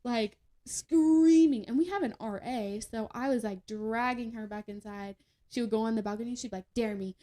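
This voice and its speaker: Young woman, podcast guest, a touch high-pitched, rambling casual storyteller. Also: a little fast, a little mellow. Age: young adult. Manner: chatty, laughing, many fillers and restarts.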